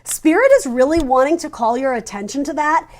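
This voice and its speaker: Earnest, fairly high-voiced woman reading tarot. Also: fairly quick. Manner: earnest, addresses the viewer directly; thinks aloud, searching for words. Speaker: tarot reader. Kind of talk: casual spoken tarot reading.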